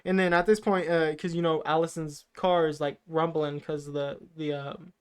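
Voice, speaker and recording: A man's voice: a little high, fairly even intonation, moderate pace, smooth. A man co-hosting a podcast, loosely retelling a film plot with lots of fillers. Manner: rambling, filler-heavy retelling. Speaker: podcast co-host. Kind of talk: casual movie recap.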